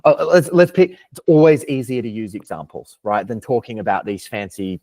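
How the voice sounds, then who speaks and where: A man's voice: fairly low pitch, sing-song, normal speed, warm tone. Thoughtful Australian man hedging his ideas. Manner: thoughtful, hedging, philosophical, many restarts. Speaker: podcast guest. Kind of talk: casual interview chat.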